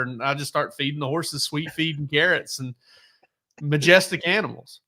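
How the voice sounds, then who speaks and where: A man's voice: a little high, a little fast, pushed and bright. A man, a sports reporter, telling laid-back stories on a casual podcast, rambling with many fillers and restarts.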